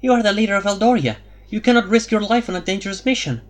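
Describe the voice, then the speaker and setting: A cold, calculating woman envoy voiced by a man narrating an audiobook. Her words come curt and skeptical, clipped short with no warmth to spare. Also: sits high, animated, quick pace, pitched above the performer's own voice. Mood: urgent. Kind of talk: audiobook character voice.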